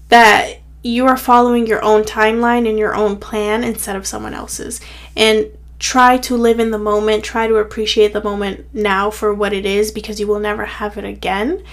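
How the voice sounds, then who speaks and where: A woman's voice: mid-range voice, little pitch movement, unhurried, a bit bright. A young woman hosting her own podcast, talking in a chatty, rambling way full of "like", a bit tired and out of breath. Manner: chatty, rambling, heavy filler "like". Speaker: podcast host. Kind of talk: casual solo podcast pep talk.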